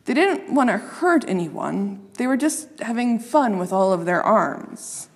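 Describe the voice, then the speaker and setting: Slow expressive woman reading a storybook. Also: mid-range voice, big-room sound. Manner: expressive, playing up sound words.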